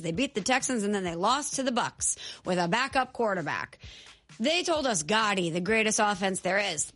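A woman's voice: medium pitch, a bit bright. A woman co-hosting a sports talk show, making skeptical, punchy arguments. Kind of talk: sports debate chat.

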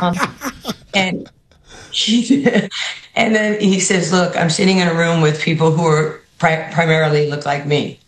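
A woman with a New York accent, coaching basketball, tells stories in an interview. She acts out the people she quotes with an animated, lively delivery. Her voice carries a roomy studio echo. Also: lowish voice, unhurried, a little hiss or hum. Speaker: basketball head coach, guest. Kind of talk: storytelling interview answers.

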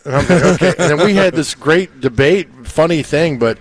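A man in casual sports talk, spinning animated stories and mimicking the people in them. His voice sits a little high. The sound is dry and close. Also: a little fast, no echo. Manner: animated storyteller, acts out quotes. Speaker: sports radio host.

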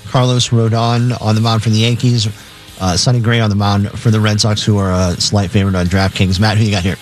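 A man's voice: fairly low pitch, level tone, fairly quick, soft background music. A man co-hosting sports radio, plainly reading out game matchups and odds. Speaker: sports radio co-host reading betting lines.

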